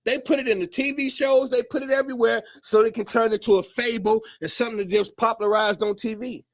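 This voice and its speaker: High-pitched man ranting to his viewers. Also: fairly even intonation, fast talker. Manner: preachy, profane, rising into shouts. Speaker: commentator. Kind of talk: animated monologue to camera.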